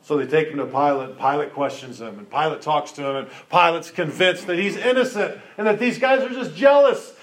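A man delivers a sermon. He retells the scripture like a storyteller, putting questions straight to his listeners. His delivery is animated and conversational. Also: a little high, a little fast, hardly any pauses. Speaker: pastor.

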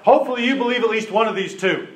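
A pastor leads a group exercise during an informal, participatory sermon, speaking rapid-fire in a higher voice. He's an animated storyteller who laughs and acts out quotes, and the room gives the recording a noticeable echo.

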